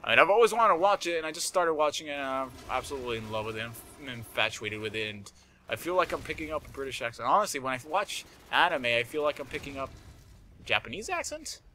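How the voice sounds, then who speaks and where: A man doing live commentary over his gameplay, rambling and chatty, prone to shouting, laughing and swearing. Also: medium pitch, quick pace, slight background noise. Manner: excitable, shouts and laughs at in-game moments. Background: game gunfire and explosions.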